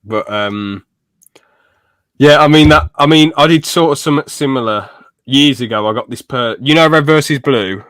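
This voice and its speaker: A man's voice: mid-range voice, moderate pace, a bit bright, no room sound. A man co-hosting a podcast, blunt and teasing, with casual slang. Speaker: podcast co-host. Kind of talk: casual chat.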